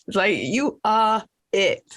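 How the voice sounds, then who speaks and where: English lady, talks real slow, trails off and restarts, dry close sound. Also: mid-range voice, very animated, no echo. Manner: slow, halting, warm and affirming. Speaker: actor in conversation with a co-star. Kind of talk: casual conversation.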